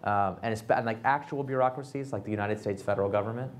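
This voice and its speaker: A man in his thirties, an author and entrepreneur, telling animated stories at a fireside chat and acting out the people he quotes. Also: lowish voice, quick pace, a little hiss or hum. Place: event space with audience.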